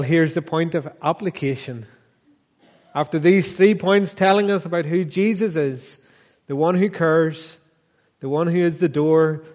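Male pastor, high-pitched, deliberate sermon delivery, echoey church recording. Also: a little mellow, highs cut off. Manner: earnest, measured preaching with repeated questions and slow emphatic phrases.

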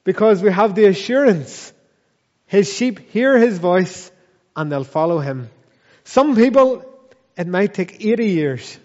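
A man preaching a sermon in a church, earnest and measured, pressing his listeners with repeated questions. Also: sits high, animated, darkish tone, long reverb tail, lo-fi sound. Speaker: pastor.

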